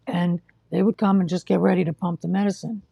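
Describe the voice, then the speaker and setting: A husky, gravelly voice, low and mellow, heard dry and close on a casual live stream. The speaker is short of breath, coughs, and talks in a blunt, exasperated, lecturing way. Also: level tone, brisk, no room sound, lo-fi sound. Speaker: livestream host telling of hospital care.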